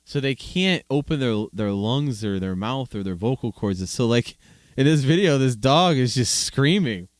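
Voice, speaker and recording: A man's voice: mid-range voice, expressive, measured pace, dry recording. Guy in his 30s doing a solo podcast, rambly and amused, voice swings up and down a lot, dry close sound. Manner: rambling and amused, with many restarts and chuckles. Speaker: podcast host. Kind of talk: solo casual podcast chat reacting to videos.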